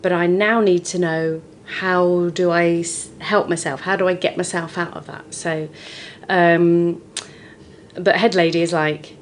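Speaking a little slowly in a lowish voice, a comedian in her forties from the United Kingdom guests on a podcast and talks candidly about her life. Her storytelling is expressive and full of lively swings, and the recording has a bit of hiss or hum.

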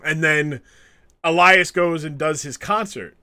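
A man's voice: a little high, a little slow, clear, resonant tone. A man co-hosting a casual podcast chat, telling stories with lots of energy and acting out the people he quotes. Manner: animated storyteller acting out quotes. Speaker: podcast co-host.

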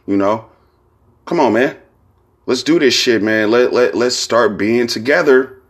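A man's voice: on the low side, moderate pace, long pauses. A man hosting his own podcast, talking in a loose, rambling way with lots of slang and profanity and repeated "you know what I'm saying". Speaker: podcast host. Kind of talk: casual solo podcast monologue.

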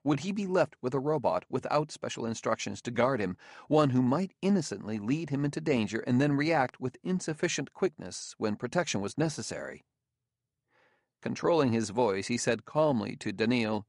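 A man narrating an audiobook in a measured, steady storytelling manner on a close studio mic. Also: mid-range voice, gravelly, no echo. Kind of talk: scripted narration.

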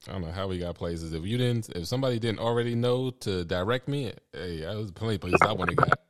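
Laid-back, low-voiced man chatting. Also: fast, bright, forceful tone, slight background noise. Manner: laid-back, laughs often, slangy. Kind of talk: casual chat.

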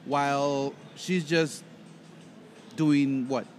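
Very slow and steady in a mid-range voice, this man co-hosts a laid-back podcast conversation. A professional interpreter by trade, he jokes around and tells long, wandering stories.

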